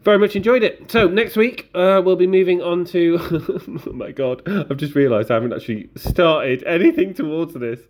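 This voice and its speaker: With a high voice, a moderate pace, and few pauses, a man co-hosts a podcast. He chats casually and rambles, often filling gaps and restarting his thoughts.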